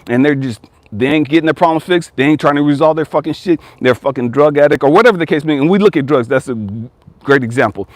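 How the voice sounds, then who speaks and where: A fairly high-pitched man delivers a blunt, profane motivational rant in a preachy coaching tone. He keeps swearing as he hammers his point home and mocks whiny complainers. The sound is dry and close, with no room echo. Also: fast talker. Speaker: life coach.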